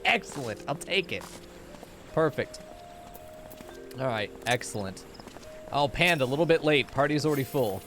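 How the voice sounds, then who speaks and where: A man's voice: mid-range voice, lively intonation, moderate pace, pauses often, a bit bright. A man streaming a game, joking and swearing freely as he chats with his viewers. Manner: profane, joking, talks to chat. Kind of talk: casual live-stream chatter. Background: game music.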